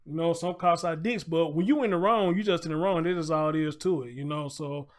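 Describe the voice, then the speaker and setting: A man's voice: on the high side, brisk. A man hosting a live stream, commenting bluntly and profanely in a rambling, casual way. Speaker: show host.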